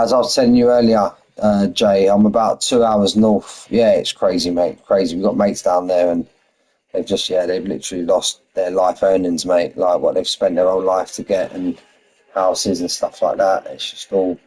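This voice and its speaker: Husky London man chatting on a stream. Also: deep voice, a little mellow, poor audio. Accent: London English. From London, England. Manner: chatty, says "mate" constantly, reads out lap times and answers chat. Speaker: racing game league streamer. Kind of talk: casual live-stream chat. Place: home in Spain.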